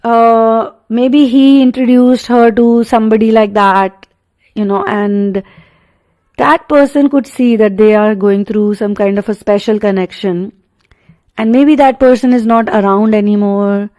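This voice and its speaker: A woman with an Indian English accent delivers an earnest spiritual reading. Her voice is fairly high and soft, warm and dark-toned. She talks in circles, restating points with fillers as she goes. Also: fairly even intonation, measured pace, rough recording. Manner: earnest, repetitive, emphatic phrasing with many fillers. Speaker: tarot and energy reader.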